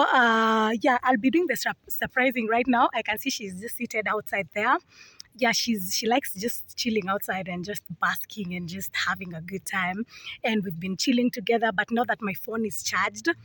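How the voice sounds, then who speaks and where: A chatty young woman is filming herself on her phone outdoors, talking playfully to her viewers. Her voice sits a little high and sounds close and dry. She keeps it loose and casual throughout. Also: no echo. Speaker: vlogger. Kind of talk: casual vlog talk to camera. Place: family compound in a village, outdoors. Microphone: phone camera.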